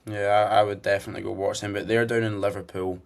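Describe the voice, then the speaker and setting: Young Scottish guy, lowish voice, loose sweary podcast storyteller. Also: flat delivery, fast talker, gravelly, a little hiss or hum. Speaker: podcast co-host. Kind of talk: casual chat.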